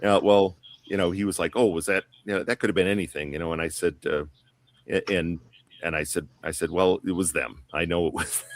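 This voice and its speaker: Man, very low voice, casual rambling storytelling, lots of uh and um. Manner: rambling, many fillers and restarts. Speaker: guest. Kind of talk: casual storytelling on a podcast panel.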